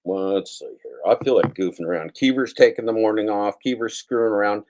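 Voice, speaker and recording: A man talks loosely into his livestream, swearing freely and circling back over the same lines with self-mocking humor. His voice sits a little low. The talk is casual and unscripted, from a home computer setup. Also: a little fast, a little mellow. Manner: profane, self-mocking, rambling with repetitions. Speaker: livestream host.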